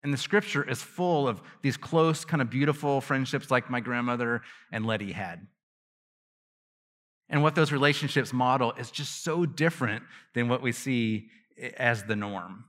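The pastor here has a mid-range, fairly bright voice and talks at a normal speed. His sermon feels casual and conversational, with self-deprecating humor, frequent laughs and repeated restarts. It's recorded in a large hall with long reverb.

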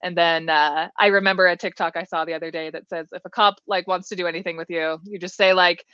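A woman's voice: lowish voice, fast talker, sharp tone, no echo, lo-fi sound. A woman on a live show telling a story in a candid, rambling way from a bedroom at home. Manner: candid, rambling, swears lightly. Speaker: regular co-host.

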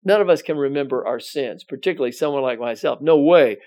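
A man's voice: medium pitch, fast talker, warm tone. A male pastor giving conversational Bible teaching, rambling with many "you know"s and restarts, and reading scripture aloud with emphasis.

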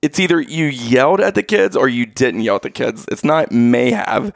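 A man's voice: medium pitch, animated, moderate pace, creaky, no echo, studio quality. A man in his thirties co-hosting a casual chat, teasing his wife with playful questions. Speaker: podcast co-host, youth coach.

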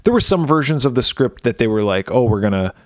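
A man's voice: mid-range voice, expressive, quick pace, no echo, clean studio sound. Laid-back man reading movie trivia. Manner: reads off film trivia, laughs often. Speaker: podcast co-host. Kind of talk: casual movie chat.

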